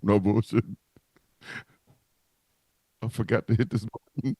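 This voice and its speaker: A man's voice: on the low side, unhurried, slightly rough, no room sound. A man co-hosting a wrestling talk livestream, joking and cursing in casual banter over a video call. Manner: profane, joking, animated.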